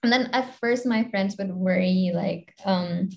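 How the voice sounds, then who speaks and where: A woman's voice: mid-range voice, measured pace, vocal fry, a little hiss or hum. A young woman with a Filipino accent, a content creator chatting casually as an interview guest, rambling with lots of fillers and giggles.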